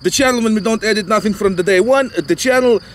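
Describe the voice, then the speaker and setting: A man's voice: high-pitched, fast, a bit bright, a little hiss or hum, low-quality recording. A man hosting an RC flying channel, chatting casually and jokingly in rambling, non-native phrasing, recorded outdoors. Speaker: channel host, RC pilot.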